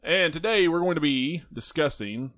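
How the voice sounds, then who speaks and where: A man's voice: on the high side, animated, moderate pace, a bit bright, dry recording. A young man hosting a casual movie podcast, joking and rambling with friends, laughing often. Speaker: podcast host. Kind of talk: casual chat.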